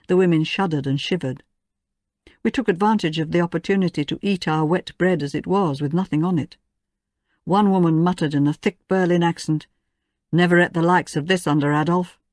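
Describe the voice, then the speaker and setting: Her voice sits fairly low as she reads an audiobook in the first person, calm and even in her storytelling. The studio-quality recording carries no room sound.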